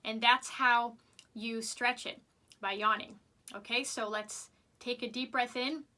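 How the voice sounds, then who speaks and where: A woman teaching vocal warm-ups to kids, upbeat and patient as she shows each exercise aloud. Her voice is very bright and sits a little high. She talks slowly, giving every instruction time to land. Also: fairly even intonation. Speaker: music teacher.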